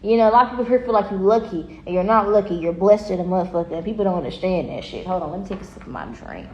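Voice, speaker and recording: A woman giving a casual tarot reading, talking bluntly and profanely in an animated way and laughing often. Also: medium pitch, racing, lo-fi sound, a little hiss or hum. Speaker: tarot reader. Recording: echoey room.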